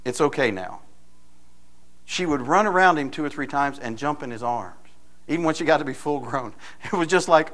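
A man preaching a sermon in a folksy storytelling manner, building to loud, emphatic points. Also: mid-range voice, expressive, moderate pace, pauses often. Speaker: pastor.

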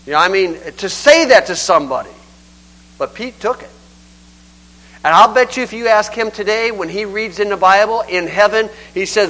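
An older man preaching in a homespun, talky way, leaning hard on his points. His voice sits high for a man and rings bright and forward. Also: expressive, a little fast, poor audio. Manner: folksy, conversational, emphatic. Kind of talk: sermon.

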